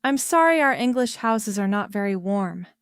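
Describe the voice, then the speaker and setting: A woman voicing a polite young royal prince in storybook dialogue, in a courteous, gently amused manner. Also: mid-range voice, expressive, moderate pace, clean tone, dry recording, clean studio sound, close to an everyday voice.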